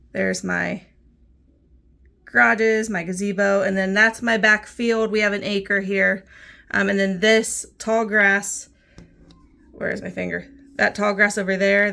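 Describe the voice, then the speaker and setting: A woman's voice: medium pitch, vocal fry, fairly bright tone. A woman in her thirties, a bit out of breath, chatting casually while she gives a tour of her home soap room and lists items with easy laughs. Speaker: soap maker giving a studio tour.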